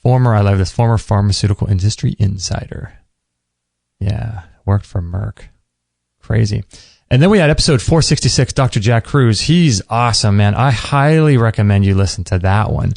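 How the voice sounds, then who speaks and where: Gravelly-voiced man hosting a podcast. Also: on the low side, normal speed, darkish tone, no room sound, clean studio sound. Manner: rambling, searching for words. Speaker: podcast host. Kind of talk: casual solo podcast recap.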